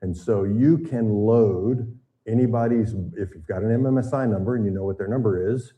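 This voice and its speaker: A man's voice: on the low side, moderate pace, warm tone. An older American man giving a seminar talk to an audience, explaining things conversationally with frequent fillers. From United States. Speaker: seminar presenter. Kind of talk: boating safety seminar talk.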